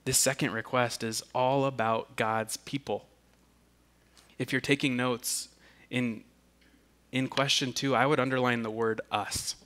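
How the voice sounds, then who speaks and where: A man preaching a sermon, deliberate and earnest, often repeating a word as he restarts. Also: mid-range voice, steady tone, fairly bright tone. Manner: slow and deliberate, with emphatic restarts. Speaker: pastor.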